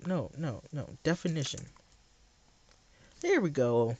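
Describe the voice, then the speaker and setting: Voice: mid-range voice, very animated, normal speed. A livestreamer ranting to chat in a blunt, sarcastic, exasperated way, repeating phrases for emphasis.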